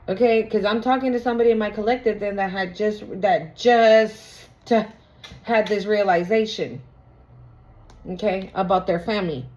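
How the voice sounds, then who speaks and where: A woman's voice: medium pitch, a little mellow. A woman doing a casual tarot reading, talking bluntly with slang and profanity. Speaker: tarot reader. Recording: lo-fi recording.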